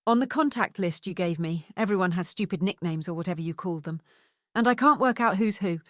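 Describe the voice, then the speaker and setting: A woman's voice: fairly low pitch, fairly quick, a bit bright, no echo, clean studio sound, lightly acted. A woman voicing a wary middle-aged male ex-detective who speaks tersely in an audiobook. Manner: terse, plain questions.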